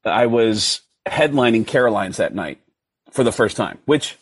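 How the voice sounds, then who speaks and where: Man, comedian guest, husky voice, animated storytelling, dry sound. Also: measured pace, dry recording. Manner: animated, jumps high when quoting himself. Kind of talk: casual storytelling.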